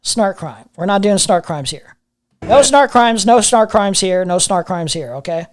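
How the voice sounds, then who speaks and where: A streamer giving live commentary on a video, sarcastic and mocking, often repeating phrases and mumbling low asides. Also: expressive, a little slow.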